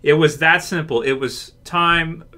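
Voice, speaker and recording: A Canadian man putting on a rough English accent while reading out an actor's quoted words. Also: on the high side, measured pace, pushed and bright. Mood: earnest. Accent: English, put on badly. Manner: reads quoted words in a shaky put-on accent. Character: impression of an English male actor.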